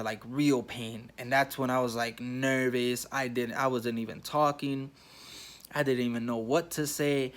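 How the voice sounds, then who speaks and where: A young man vlogging, telling a personal story to his viewers in a casual, rambling way with lots of fillers and restarts. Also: medium pitch. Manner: animated, rambling retelling with many fillers and restarts.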